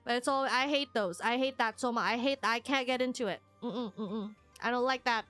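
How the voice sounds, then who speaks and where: A young woman streamer chatting casually with her viewers, rambling and excitable, squealing whenever she thanks someone. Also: fairly high pitch, fairly quick, hardly any pauses, soft background music.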